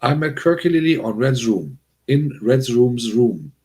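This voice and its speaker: Rambling, animated streamer man. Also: a little slow. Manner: rambling and animated, with restarts and chuckles; bursts of high-pitched excitement. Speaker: livestream host. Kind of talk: casual livestream chat, talking to chat.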